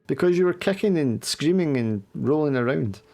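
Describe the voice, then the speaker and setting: A game master voicing Emil, a nervous young woman roommate who stammers while trying to calm her friend. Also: medium pitch, normal speed, voice pushed up, lightly acted. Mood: flustered. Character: flustered young woman roommate, anxious and placating. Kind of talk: tabletop role-play in character.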